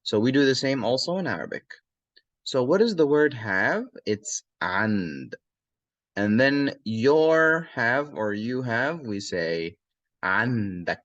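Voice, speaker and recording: A man's voice: mid-range voice, sing-song, a bit bright, no echo, muffled recording. A man teaching a language lesson, repeating short phrases and often checking in with the learner. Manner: repeats phrases slowly, checks in with "okay?" and "yes?". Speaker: Arabic teacher.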